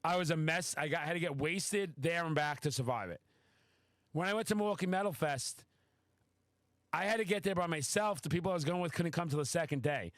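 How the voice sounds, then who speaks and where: A man with a high voice tells a story on a podcast, excitable and quick to swear. The sound is dry and close to the mic. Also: no echo. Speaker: podcast host. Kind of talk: casual podcast chat.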